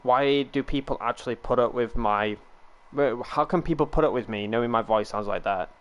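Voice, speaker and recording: A man's voice: medium pitch, moderate pace, a bit bright, lo-fi sound. A man, chatting casually with stream viewers on a headset and rambling with frequent chuckles. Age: 20s. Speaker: livestreamer. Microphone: gaming headset.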